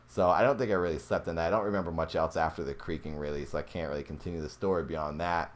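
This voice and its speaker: A young man casually telling a true ghost story from his youth, animated and rising in pitch when the story turns tense. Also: fast talker. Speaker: podcast host.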